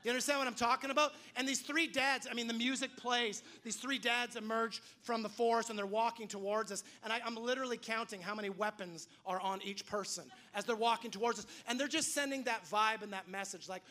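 A man's voice: very high voice, steady tone, fairly quick, few pauses, pushed and bright. A man preaching a sermon, telling a story animatedly, acting out the voices he quotes and often restarting his words. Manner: frequent restarts and repeated words. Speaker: pastor.

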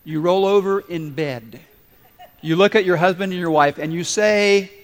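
A male pastor preaching a sermon to his congregation in an animated, playful way, acting out little asides. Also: high-pitched, moderate pace. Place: large church hall. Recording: reverberant church hall. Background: congregation responding.

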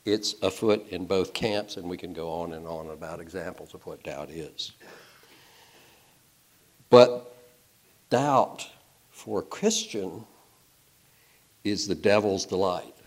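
A man preaching a sermon, telling stories and shifting between loud and soft delivery. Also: low-pitched, slow pace, pauses often.

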